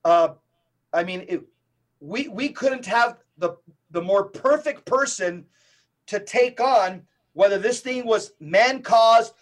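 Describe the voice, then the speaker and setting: A middle-aged man, a Catholic evangelist, speaking as a podcast guest in an emphatic, preacher-like way with rapid lists and repetitions. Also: very high-pitched.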